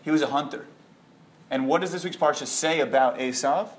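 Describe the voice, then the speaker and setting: A man giving an informal Torah talk, animated and conversational, full of rhetorical questions. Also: a little high, a little fast, a little hiss or hum. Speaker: Torah teacher. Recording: echoey room.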